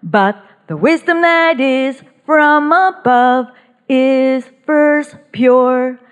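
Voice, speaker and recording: Slow deliberate woman reading scripture. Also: sits high, clear, resonant tone, soft background music. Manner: very slow, deliberate phrasing, some lines half-sung. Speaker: Bible study reader.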